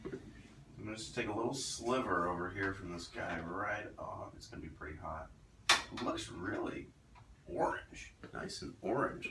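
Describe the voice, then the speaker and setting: In his home kitchen, a male doctor vlogs about meal prep in an easygoing, upbeat, self-deprecating way. He speaks unhurriedly in a deep voice. Background noise and the sizzle of cooking can be heard.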